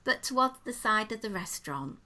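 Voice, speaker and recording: A woman's voice: mid-range voice, animated, fairly quick, pushed and bright. A woman co-hosting a podcast, chatting her way through a restaurant review with detailed, enthusiastic description. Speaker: podcast co-host. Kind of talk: casual chat, restaurant review.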